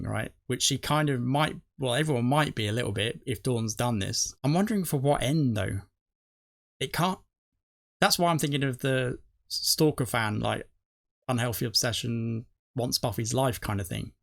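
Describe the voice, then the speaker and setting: Rambling man with a gravelly voice. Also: mid-range voice, normal speed. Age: middle-aged. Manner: rambling, self-correcting, chuckles at himself. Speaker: reaction video host. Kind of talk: casual rambling commentary.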